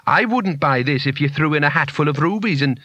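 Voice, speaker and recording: A man's voice: fairly high pitch, lively intonation, fairly quick, sharp tone, no echo, highs cut off. A man voicing a firm, blunt young woman in a storybook reading.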